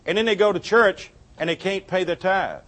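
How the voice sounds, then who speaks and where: A man with a notably high voice tells a church story as part of a sermon. He is a folksy, animated storyteller who chuckles often. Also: normal speed. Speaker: church speaker on giving.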